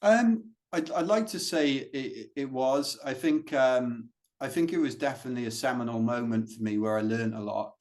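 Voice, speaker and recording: A man's voice: mid-range voice, normal speed, few pauses, darkish tone. Chatty British man telling running stories. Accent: British English. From Britain. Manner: rambling storytelling with many fillers. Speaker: guest, ultrarunner. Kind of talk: casual interview chat.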